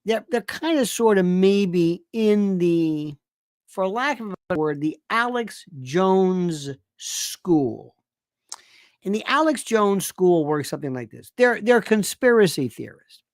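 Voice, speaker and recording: A man's voice: high-pitched, expressive, unhurried, no room sound. Middle-aged guy ranting on his talk show, repeats himself a lot, sarcastic, dry close sound. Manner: emphatic, repetitive, sarcastic. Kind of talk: ranting political commentary.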